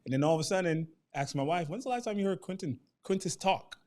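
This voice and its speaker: A man in his thirties as a guest, telling a personal family story in a lively way and acting out the voices of the people he quotes. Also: high voice, quick pace. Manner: animated, acts out quoted voices.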